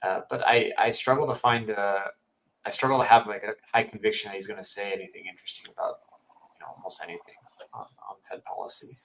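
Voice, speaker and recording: A man's voice: on the low side, fast talker, fairly bright tone, poor audio. A man speaking as a guest on a live audio panel, dry and hedging as he weighs what might be said. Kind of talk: casual market discussion. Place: remote live audio room.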